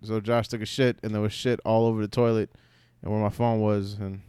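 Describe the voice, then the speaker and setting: A man's voice: fairly low pitch, level tone, brisk, mellow, clean tone, no room sound. A young man in casual chat, blunt and profane, telling jokey stories.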